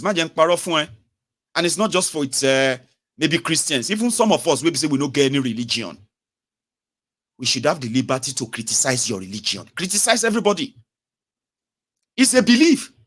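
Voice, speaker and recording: A man's voice: medium pitch, a bit bright. A man with a Nigerian accent giving passionate political commentary as a host, slipping into pidgin and comic impressions.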